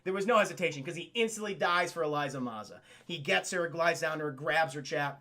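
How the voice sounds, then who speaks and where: A man giving casual, profane, animated stream commentary while reviewing a cartoon for his chat. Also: on the high side, quick pace.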